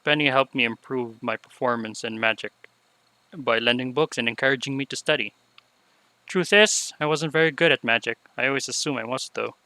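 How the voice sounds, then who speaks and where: A man's voice: medium pitch, brisk, dry recording, poor audio. A man reading as a remorseful young unicorn mare. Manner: soft, subdued confessional reading. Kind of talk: reading game dialogue aloud.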